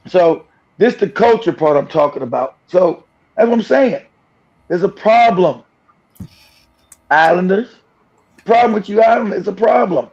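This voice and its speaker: A man's voice: high voice, expressive, measured pace, pauses often, darkish tone. A man hosting a streamed reaction show, speaking bluntly and profanely and laughing often. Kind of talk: reaction commentary. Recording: dull lo-fi stream audio.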